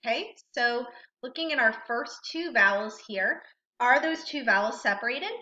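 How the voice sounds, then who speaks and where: A woman's voice: fairly high pitch, animated, normal speed, pushed and bright. A woman teaching a recorded phonics lesson, patiently asking questions and praising the learner. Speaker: reading teacher. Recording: roomy, slightly dull recording.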